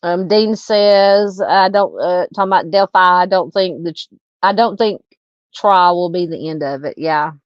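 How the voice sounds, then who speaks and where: A woman's voice: fairly low pitch, unhurried, dry recording, lo-fi sound. A middle-aged Southern woman hosting a live true crime stream, chatting casually, greeting viewers and reading comments in a rambling way with many fillers and restarts. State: hiccups.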